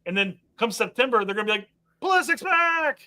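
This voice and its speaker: An opinionated male co-host on a casual soccer podcast who lays out his points through everyday analogies. His voice is bright and forceful, pitched slightly high. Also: fairly even intonation, very fast.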